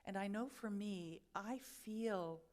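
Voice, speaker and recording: At a medium pitch and a slow pace, a woman preaches at a spiritual centre as a spiritual speaker. She shares a personal story thoughtfully, guiding gently and sometimes laughing at herself.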